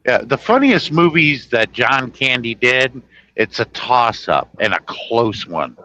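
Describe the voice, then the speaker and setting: A man's voice: mid-range voice, big pitch swings, slow, bright, forceful tone, low-quality recording. A man hosting a casual chat, retelling movie scenes in a rambling, self-correcting way. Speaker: host. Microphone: podcast microphone.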